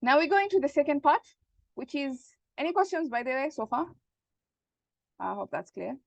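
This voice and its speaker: Woman teaching grammar online, highish voice, bit muffled, dry, keeps checking everyone follows. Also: sing-song, moderate pace, gravelly, dry recording. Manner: patient, repeats points and checks understanding.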